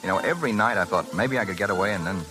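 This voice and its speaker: A man's voice: sits low, racing, over music, close to an everyday voice, low-quality recording. An actor in a 1930s radio play voicing an eager young man about to travel abroad. He talks in a breezy, slangy, enthusiastic way.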